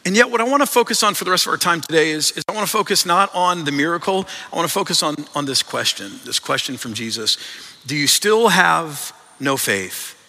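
A man's voice: a little high, lively intonation, fast talker, hardly any pauses, sharp tone. A man preaching a sermon as a pastor, earnest and conversational, often repeating his words as he goes. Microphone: microphone. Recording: long reverb in a large hall.

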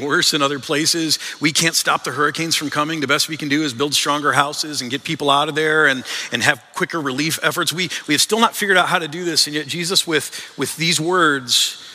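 Through a microphone in a large, echoing hall with long reverb, a man preaches as a pastor. His slightly high voice sounds pushed and bright, and his earnest, conversational delivery often repeats words.

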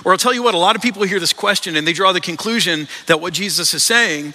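Man, pastor, sermon, earnest conversational delivery, repeats words, very bright voice, long church reverb. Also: high-pitched, fast talker. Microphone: microphone. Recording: long reverb in a large hall.

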